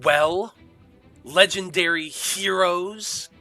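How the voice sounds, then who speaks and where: A stern, suspicious rebel leader woman, as a man puts her on, firing off demanding questions in a bright, forceful voice. Her words come slow and weighty, each question pressed hard, over faint music. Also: a little high, big pitch swings, husky, voice pushed up, exaggerated voice.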